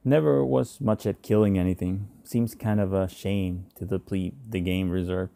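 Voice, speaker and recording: A man's voice: low-pitched, fairly even intonation, normal speed, gravelly, warm tone, dry recording. A man reading aloud and voicing a friendly, self-assured male neighbor who speaks in an easygoing, amused, chatty way, in a dry close recording.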